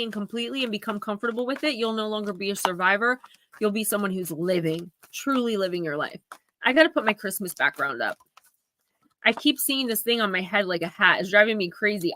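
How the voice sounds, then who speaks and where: A woman's voice: mid-range voice, pushed and bright. A woman hosting a live oracle card reading, giving earnest, emphatic advice straight to her viewers. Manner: earnest, emphatic, confiding, speaks to viewers directly.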